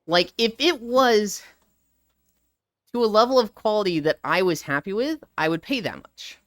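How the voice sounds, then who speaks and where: A woman's voice: medium pitch, animated, moderate pace, fairly bright tone, dry recording, studio quality. A woman streamer chatting casually and emphatically while she walks, piling up points in long lists. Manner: opinionated, emphatic, builds up lists. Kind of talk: casual live-stream chat.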